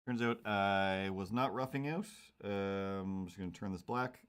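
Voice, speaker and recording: A man's voice: sits low, measured pace, a bit bright, clear, resonant tone. A man chatting casually while drawing comics on a stream, rambling with jokey mock outrage and slipping into silly voices.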